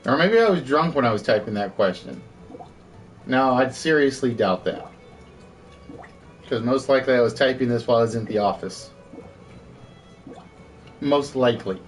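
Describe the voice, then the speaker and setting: A man's voice: medium pitch, animated, moderate pace, pauses often, soft background music. A man hosting a live online game show, chatty, repeating and rephrasing his quiz questions, with an occasional cough.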